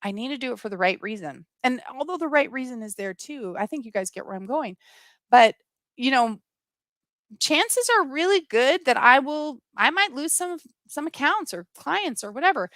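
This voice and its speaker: Middle-aged woman, livestream host, impassioned and earnest, slightly high voice. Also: animated, moderate pace, a bit bright, no room sound. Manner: earnest, impassioned, reads out viewer comments. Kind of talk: live-streamed personal talk to viewers.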